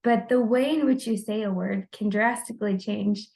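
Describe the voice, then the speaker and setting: A young adult woman presenting a class discussion post, explaining the basics of language in a friendly, steady way. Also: medium pitch, moderate pace, gravelly, poor audio. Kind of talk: informal lesson on the basics of language.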